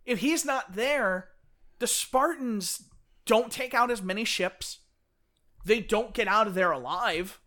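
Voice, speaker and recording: A man co-hosting a casual podcast chat, animated, often acting out characters' lines. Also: sits high. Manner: animated, fast-talking enthusiast who acts out characters' lines. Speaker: podcast co-host. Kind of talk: casual chat about books.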